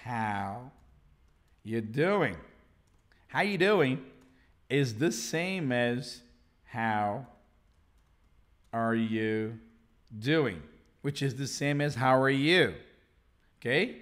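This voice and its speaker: A Brazilian man with a Brazilian Portuguese accent teaching a live English lesson. He repeats phrases slowly and mixes in explanations in his native Portuguese. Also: medium pitch, animated, a bit bright.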